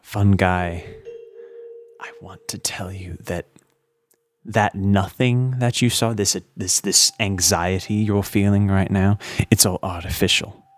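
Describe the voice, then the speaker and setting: A man's voice: low voice, steady tone, slow pace, slight background noise. Man playing an indignant lecturing doctor. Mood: insistent. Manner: insistent, lecturing, rising to angry outbursts. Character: pompous frustrated male doctor, growing giant.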